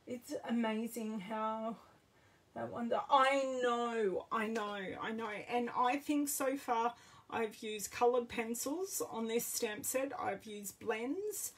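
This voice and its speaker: A woman's voice: fairly high pitch, slow, breathy edge. An Australian woman giving a casual live card-making demo, chatting with viewers as she works. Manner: chatty, greets live viewers while working. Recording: distant, off-mic sound.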